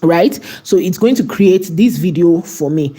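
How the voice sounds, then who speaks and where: A woman's voice: lowish voice, lively intonation, unhurried, warm tone. Chatty woman walking through a tutorial. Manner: chatty, often asks "right?" and talks to the chat. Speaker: AI video tutorial host. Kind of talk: live tutorial walkthrough.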